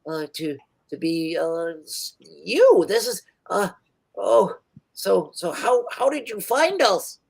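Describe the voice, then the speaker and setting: A jittery little male gnome tinkerer, put on by a woman running the game, his voice pitched up well above her own speech. He trips over every phrase, restarting and rambling with breathless enthusiasm about his inventions. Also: slow pace, creaky, breathy edge, exaggerated voice. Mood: eager stammering. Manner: stammering, excitable, rambling.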